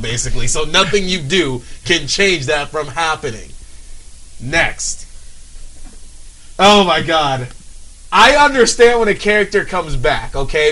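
A man's voice: on the high side, sharp tone, low-quality recording. A young man on a casual talk show, ranting with exasperation and swearing, sometimes mimicking other people. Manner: exasperated, profane, mimics people in put-on voices. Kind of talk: casual comedic rant.

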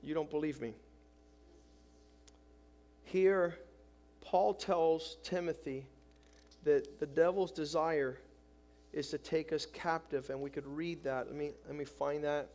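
A man's voice: on the high side, steady tone, takes it slowly, pauses often, darkish tone. A man preaching a sermon as pastor, acting out quotes with drama and often repeating his words.

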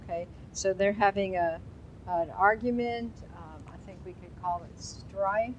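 Slow-talking woman teaching Hebrew. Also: mid-range voice, highs cut off, a little hiss or hum. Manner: chatty, asks the class questions, loose asides. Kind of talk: informal classroom Bible lesson.

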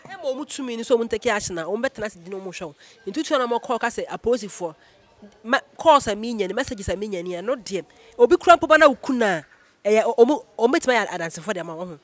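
A man hosting a casual political chat, talking quickly and prodding his co-host with questions. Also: high-pitched, lively intonation, no echo.

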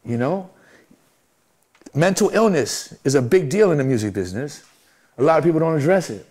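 A man's voice: fairly high pitch, expressive, fast talker, a little mellow. A middle-aged man from Brooklyn, speaking as an interview guest in a reflective, heartfelt way and repeating phrases for emphasis. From Brooklyn, New York.

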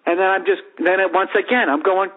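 A man's voice: sits high, a little fast. A man in his forties telling a profane, comedic story on his podcast and acting out the other people in it. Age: 40s. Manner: profane, animated, acts out voices in the story. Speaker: podcast host. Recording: tinny phone-like sound.

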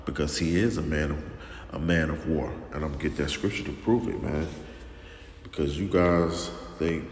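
A man preaching informally and sternly, talking slowly with lots of repetition and restarts. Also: rumbling low. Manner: slow and drawn-out, repeats himself, calls listeners "man", stern. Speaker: religious teacher. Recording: echoey room with long reverb and faint noise.

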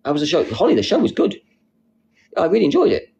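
A young man hosting a casual live stream, reading out comments with a playful, silly manner and sudden squeaky jokes. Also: wildly swooping pitch, fast talker, creaky, dark tone, highs cut off. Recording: faint background noise.

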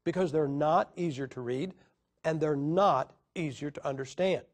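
Male preacher, high voice, combative teaching tone with lots of "uh" pauses. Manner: argumentative, rhetorical questions, hesitant fillers. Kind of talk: Bible teaching lecture.

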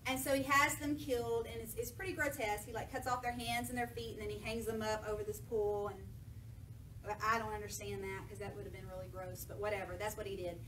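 A woman preaching a lively sermon, retelling scripture casually and acting out the voices of people in it. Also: medium pitch, fast. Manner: lively, jokey, acts out voices of people in the story. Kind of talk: sermon with playful paraphrase. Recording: echoey church from a distance, faint noise.

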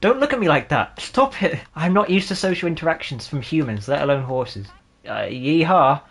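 A young man in his twenties hosts a let's-play of a game, with sarcastic and jokey commentary. His voice sits a little high, and he often breaks into laughter between dry remarks. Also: expressive, moderate pace, fairly bright tone, husky. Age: 20s. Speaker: gaming channel host.

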